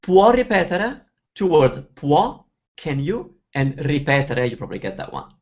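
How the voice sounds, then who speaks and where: A man's voice: mid-range voice, sing-song, moderate pace, a little mellow, dull audio. A man from Italy, hosting a live online Q&A lesson and chatting as he explains phrases one by one. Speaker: Italian teacher hosting a webinar.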